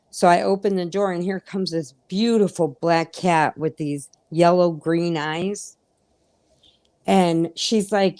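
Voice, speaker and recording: A middle-aged woman chats casually as host, telling stories with gusto and putting on the voices of the people in them. Her voice sits a little low, and the sound is close and dry with no room around it. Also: unhurried, no room sound. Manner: animated storyteller acting out quotes. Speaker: host of a live crochet chat. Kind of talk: casual chat.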